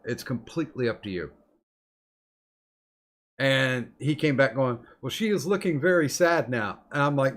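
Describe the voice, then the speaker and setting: Brief: middle-aged male host, mid-pitched, profane, rambling anecdotes in loose banter. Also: fairly bright tone. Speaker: podcast host. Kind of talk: casual chat.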